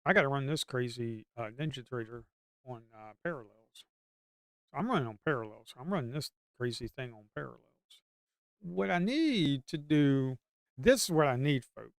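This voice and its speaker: A male day trader on a livestream gives casual live commentary, talking to his chart, coaxing the market aloud and sometimes cursing under his breath. His medium-pitched, gravelly voice has lively intonation and a moderate pace, recorded in studio quality with no echo.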